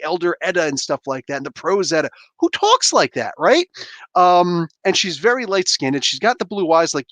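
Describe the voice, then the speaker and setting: A man in his thirties hosting a casual livestream chat from home on a headset mic, rambling and animated with lots of fillers and restarts. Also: high-pitched, no echo. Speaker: livestream host. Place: home room. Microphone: gaming headset.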